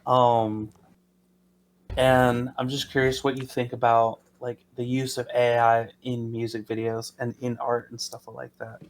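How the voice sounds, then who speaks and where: A man with a mid-pitched voice co-hosts a casual podcast. He jokes and drags out words for emphasis. He talks loosely, with pauses and fillers. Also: little pitch movement, slight background noise. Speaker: podcast co-host. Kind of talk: casual chat.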